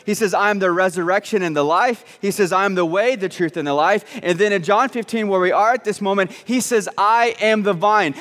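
A pastor preaching a sermon, emphatic and repetitive, with joking asides to the congregation. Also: male voice, high-pitched, brisk, hardly any pauses, fairly bright tone. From Southern United States (Arkansas, Texas). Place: church sanctuary. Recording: long church reverb.

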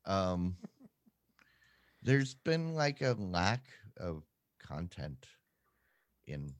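A man's voice: big pitch swings, no room sound. A man co-hosting a podcast, chatting casually in a rambling, self-deprecating way. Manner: rambling, self-deprecating, quick pitch jumps. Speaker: podcast co-host. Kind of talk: casual chat.

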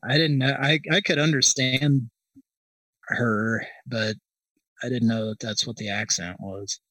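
A man hosting a comedy show who rambles and stalls, calling the listeners folks. His voice is mid-pitched. The sound is dry and set a little back from the mic. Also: fairly even intonation, unhurried, pushed and bright, no room sound, recorded from a distance. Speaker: show host.

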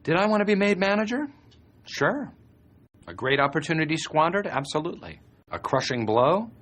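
An actor playing a weary office worker who asks himself questions and answers them flatly, in a film or show clip. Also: male voice, on the high side, normal speed. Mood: resigned.

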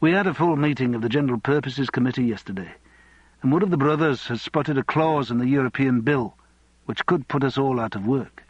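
A man doing a gruff Liverpool union boss. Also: medium pitch, fairly quick, no echo, highs cut off, natural voice. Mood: blunt. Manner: gruff, blunt.

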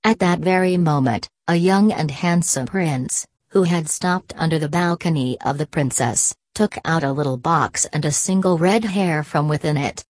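A woman tells a fairy tale in a calm, measured way. Her voice is low, and the recording is dry and close, with no room echo. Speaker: storyteller. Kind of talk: scripted fairy tale narration.

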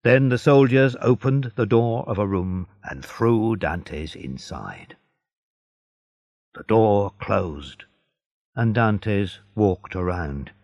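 Man narrating graded reader, slow delivery, very lively pitch swings. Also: gravelly, dry recording. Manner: slow, deliberate, expressive. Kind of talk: scripted narration for learners.

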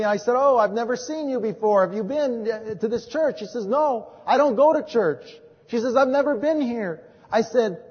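Male preacher, earnest storyteller, high voice, muffled recording with a long church-hall reverb. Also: slightly rough. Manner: earnest storytelling, acts out quoted dialogue. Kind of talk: sermon.

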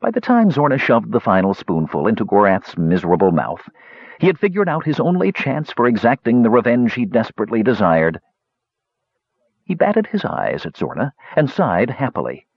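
A man narrating a story in an expressive, dramatic reading, in a slightly muffled recording. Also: mid-range voice, moderate pace, husky, no echo.

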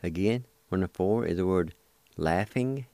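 A man hosting a radio language lesson, spelling words letter by letter and repeating each word slowly. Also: low voice, mellow, dry recording. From United States. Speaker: language teacher and radio host.

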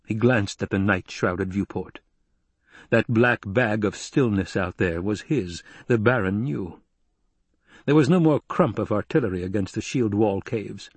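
A man narrating a novel in a steady, measured storytelling voice. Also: lowish voice, slightly rough, dry recording. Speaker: audiobook narrator. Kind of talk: scripted narration.

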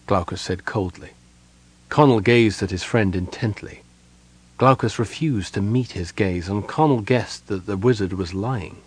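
A man reading fantasy fiction aloud as an audiobook narrator, measured and expressive. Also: fairly low pitch, husky, no room sound.

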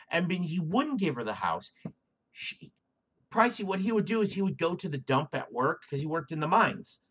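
Husky, animated podcast co-host man. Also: a little high, moderate pace. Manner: profane, loud and animated storytelling. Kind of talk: casual comedic chat.

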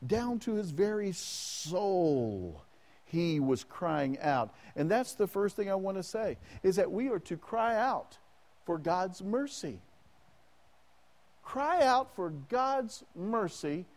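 A man's voice: high voice, expressive, slow, darkish tone. A man preaching a sermon as pastor, asking the congregation questions and acting out prayers in the first person.

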